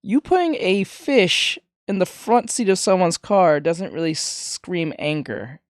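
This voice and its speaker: Brief: animated streamer, rambling casual commentary, dry close sound. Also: medium pitch, measured pace, no room sound. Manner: laughing, rambling reactions.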